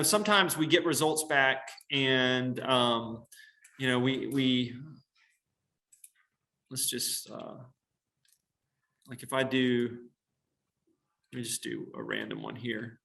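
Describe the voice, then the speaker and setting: A man's voice: mid-range voice, slow, long pauses, fairly bright tone. A male computer science teacher explaining a coding demo to his class step by step, with frequent "um" and "right?" checks. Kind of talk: classroom lesson on screen.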